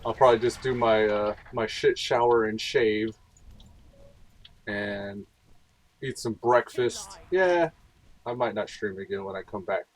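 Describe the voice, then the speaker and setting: A man's voice: fairly low pitch, a little slow, long pauses, a little hiss or hum, poor audio. A man streaming a video game, rambling casually and thinking aloud as he plays. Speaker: gaming streamer. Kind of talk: casual gameplay commentary.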